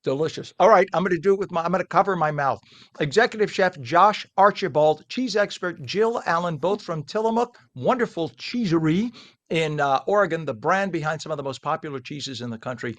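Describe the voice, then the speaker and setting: A man's voice: fairly high pitch, brisk, a bit bright. A man hosting a live TV morning show interview, chatty and joking, eating food on air.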